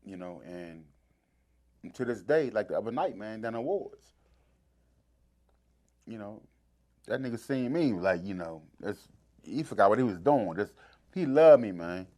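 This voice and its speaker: Animated D.C. man telling a story. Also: fairly low pitch, unhurried, long pauses. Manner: animated, acts out voices in his stories. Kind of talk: casual storytelling.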